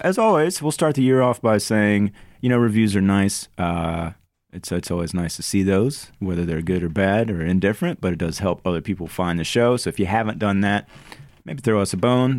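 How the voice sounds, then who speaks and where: A man's voice: fairly low pitch, a little mellow, no room sound, studio quality. A man hosting a casual movie podcast, chatty and joking, with plenty of filler words. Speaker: podcast host. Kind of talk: casual chat about movies.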